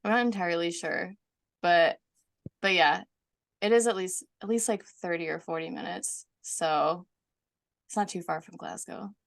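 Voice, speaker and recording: A woman's voice: on the low side, moderate pace, gravelly. Chatty woman guest, lots of fillers. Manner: chatty, many "like" fillers, laughs often. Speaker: author guest. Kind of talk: casual conversation.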